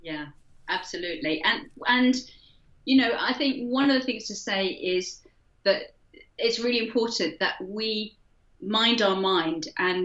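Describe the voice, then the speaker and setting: A woman's voice: medium pitch, a bit bright. A woman host responding reflectively to her guest, choosing her words carefully. Her mid-range voice comes through roomy and slightly muffled, like remote call audio. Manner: measured, thoughtful, hedging. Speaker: podcast host. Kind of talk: reflective interview talk.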